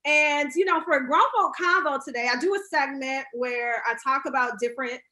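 Bubbly lady hosting a chat show, high bright voice. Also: steady tone, brisk. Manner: bubbly, laughs often. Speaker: host. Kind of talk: casual interview chat.

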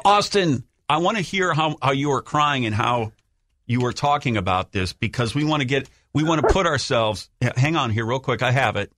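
A man hosts a call-in radio show from a studio, his voice rising and falling with lively energy. The sound is close and dry, and he keeps jumping in, then calms his callers down. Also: medium pitch, normal speed, dry recording. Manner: lively, interjecting, soothing. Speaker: radio host. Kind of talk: morning radio banter. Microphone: studio mic.

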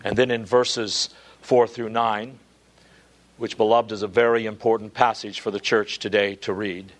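A man preaching an expository sermon in an earnest way, rising to emphatic peaks and dropping to low, hushed passages.

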